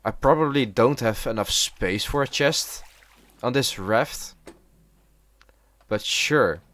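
A man voicing a survival game run, his words coming at an unhurried pace. He swears and shouts at the game whenever it turns on him. The sound is dry and close, with no room around it. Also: mid-range voice, dry recording. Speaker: gaming YouTuber. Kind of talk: let's play commentary.

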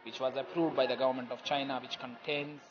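A man teaching a recorded language lecture, explaining step by step in a deliberate, repetitive way with many pauses. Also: medium pitch, flat delivery. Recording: dull lo-fi audio with loud music.

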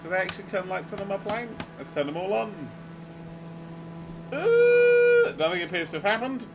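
A man giving excitable, sweary, laughing running commentary while playing a game. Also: sits high, very fast, rough recording. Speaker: gaming video host. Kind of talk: casual let's-play commentary.

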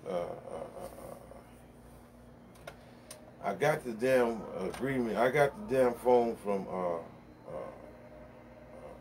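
A man's voice: on the low side, darkish tone, slight background noise. A middle-aged man rambling bluntly in a casual monologue, full of profanity, recorded at home in his man cave. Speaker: vlogger.

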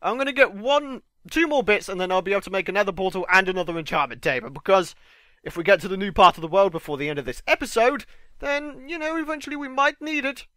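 Casting: young gamer guy, high, lively voice, slightly stuffed-up, chatty and excitable. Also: fast, no room sound, studio quality. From United Kingdom. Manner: chatty, excitable, swears mildly, jokes with viewers. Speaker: gaming channel host. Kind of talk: casual gameplay commentary.

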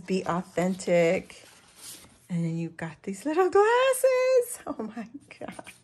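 A woman walks through a craft unboxing in a relaxed, unhurried way. She keeps breaking into excited, gushing exclamations as she shows off each piece. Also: mid-range voice. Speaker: crafting channel host.

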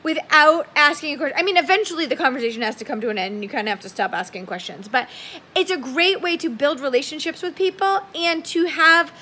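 A young woman with a high, bright voice talks in a casual, upbeat coaching style. She sometimes slips into a livelier tone to act out example messages. Her delivery is friendly and energetic. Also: fast, slight background noise. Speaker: direct sales consultant giving tips. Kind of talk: casual coaching talk to camera.

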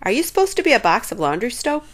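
A woman doing a deep-voiced teasing ogre. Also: big pitch swings, fast talker, fairly bright tone. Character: deep-voiced costumed ogre, male, mysterious.

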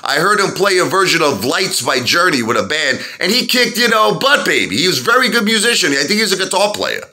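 Guy ranting on his vlog, high voice all over the place, rambling, keeps saying baby. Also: a little fast. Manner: rambling, animated, with repeated "baby" asides. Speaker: stock market vlogger. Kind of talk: excitable ranting monologue.

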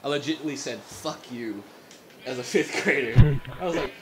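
A man's voice: medium pitch, brisk. A young man chatting casually while gaming, rambling through stories, swearing a lot and laughing often. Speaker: gamer. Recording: echoey room with noise.

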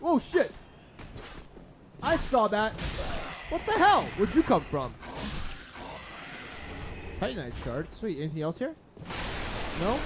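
A young man commentating a blind playthrough of a hard video game, swearing and shouting at enemies, then muttering to himself. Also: big pitch swings, takes it slowly, long pauses, noisy background. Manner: swearing, yelling at enemies, sudden pitch jumps. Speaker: gaming channel host. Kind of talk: blind let's play commentary.

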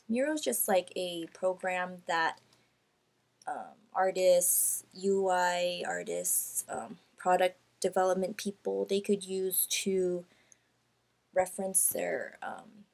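In a poorly recorded clip, a woman art vlogger with a lowish, slightly mellow voice talks casually, saying um often. She then moves on to reading a chapter of the Bible aloud.

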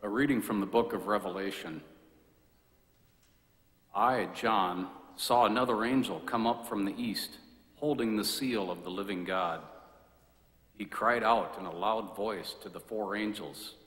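Guy reading scripture at mass, bright forceful voice, big echoey church with a long ring. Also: lowish voice. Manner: measured, deliberate proclaiming. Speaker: lector. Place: large church.

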